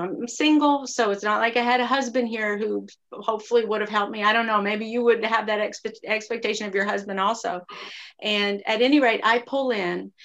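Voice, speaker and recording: A woman's voice: a little high, gravelly, fairly bright tone, lo-fi sound. A middle-aged woman and single mother tells a personal story in a candid, confessional way, reflecting earnestly from a faith-minded angle.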